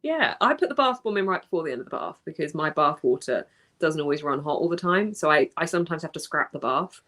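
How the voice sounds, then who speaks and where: A woman's voice: deep voice, fast. A woman co-hosting a livestream, telling a funny story in casual chat and laughing often. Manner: lively anecdotes broken by frequent laughter. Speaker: livestream co-host.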